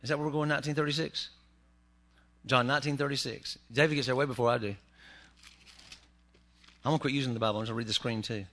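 A man's voice: medium pitch, steady tone, fast, long pauses, a bit bright. A man preaching a humorous sermon in a church, with joking asides to the congregation. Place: church sanctuary.

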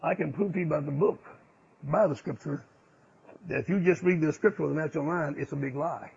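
A husky, fairly high-voiced man preaches, swinging between loud declarations and hushed asides. The recording sounds dull and lo-fi. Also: brisk. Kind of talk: sermon.

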